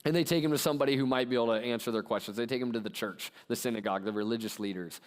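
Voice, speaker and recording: A man delivers a sermon as a casual, animated retelling and keeps dropping "like" between phrases. His voice sits at an ordinary middle pitch. A long reverb from the church hall trails after each phrase. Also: racing. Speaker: pastor. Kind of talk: conversational sermon storytelling. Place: church sanctuary.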